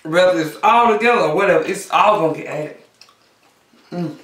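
A woman's voice: fairly low pitch, brisk. A woman hosting a casual eating show, chatting and humming over her food between bites. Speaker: mukbang host. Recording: echoey room, a bit far from mic.

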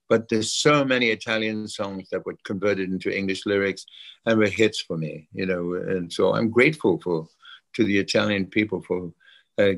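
Older man, low gravelly voice, halting, repeats words, interview guest. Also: a bit bright. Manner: halting, repeats words, says "you know" often. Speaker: guest singer. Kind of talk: casual interview chat.

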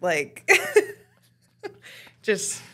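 A woman's voice: extremely slow, a bit bright. A woman who works as a concert photographer, chatting casually and dryly as a podcast guest. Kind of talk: casual chat.

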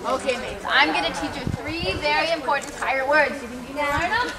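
A woman performing as a pirate for preschoolers, calling them "mates" in a sing-song, coaxing way and getting them to shout pirate words. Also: high voice, brisk. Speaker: pirate-themed children's entertainer. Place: outdoors at a field-trip venue. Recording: noisy, echoey outdoor home video. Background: loud crowd of small children.

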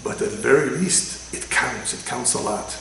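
A man, a rabbi, giving a religious lecture with animated storytelling and sudden loud quoted lines. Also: mid-range voice, normal speed, gravelly, a little hiss or hum. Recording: echoey room with faint ambience.

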